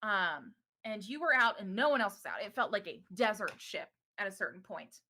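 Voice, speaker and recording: A young woman runs a tabletop game, chatty and affectionate toward her players, filling pauses with ums. Her voice is bright and sits at a middle pitch. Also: animated. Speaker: game master.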